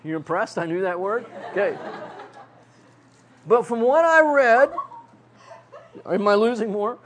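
Older man for a pastor role, high-pitched, folksy sermon delivery. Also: a little slow, a faint crowd, a little hiss or hum. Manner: folksy, self-mocking, with prop demonstrations.

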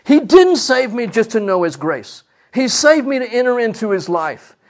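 Man preaching, very high voice, emphatic sermon, rhetorical questions. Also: big pitch swings, moderate pace.

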